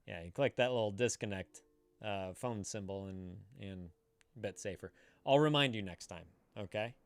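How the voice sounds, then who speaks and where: A man hosting a live stream, chatting casually in a rambling way with halting restarts and frequent laughs. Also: on the low side, clean tone, no echo. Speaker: streamer host.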